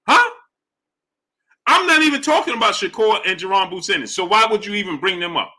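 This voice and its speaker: Hosting a live boxing stream, this man argues animatedly at a normal speed, hammering his points through repetition. When he gives shout-outs to chat members, his voice drops low and soft.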